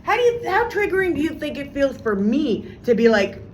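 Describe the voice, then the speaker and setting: A woman's voice: big pitch swings, moderate pace, slight background noise. A woman venting in a heated, profane, emphatic monologue to her viewers. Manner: heated, profane and emphatic, with sudden pitch swings. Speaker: vlogger.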